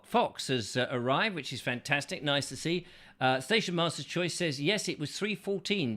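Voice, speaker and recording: A man's voice: a little high, bright, forceful tone. A man hosting a comic chat show, rambling playfully with lots of hesitations and silly wordplay, recorded in a studio. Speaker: host.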